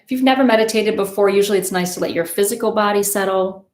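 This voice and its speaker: A woman leading a guided meditation as a yoga teacher, with gentle, unhurried guidance and soft pauses. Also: mid-range voice. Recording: roomy echo.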